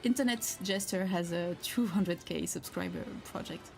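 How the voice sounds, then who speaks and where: Reading through comments in a relaxed live chat, a craft streamer talks from her craft space at home over soft background music. Her voice is fairly low and darkish with vocal fry, moving at normal speed, and her manner is giggly, talkative and supportive.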